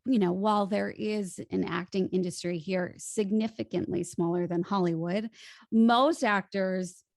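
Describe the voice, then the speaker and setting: Speaking a little slowly in a gravelly, medium-pitched voice, an Illinois woman in her thirties with a General American accent appears as a podcast guest. A voice coach, she animatedly recounts her story in a casual interview. It's studio quality, with no echo.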